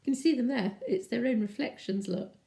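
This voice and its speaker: A woman reads a children's story aloud, her voice bouncing up and down with chatty asides. Her tone is mellow, with a gravelly edge. The roomy echo of a room at home surrounds her. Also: a little high, fairly quick, slight background noise. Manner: animated, chatty asides to young listeners. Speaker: teacher reading to children.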